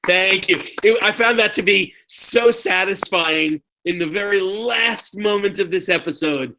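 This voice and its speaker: A podcast co-host in casual chat, sarcastic, whose pitch jumps high when mocking a character and who often chimes in with quick agreement. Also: bright, forceful tone, low-quality recording. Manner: agreeing interjections.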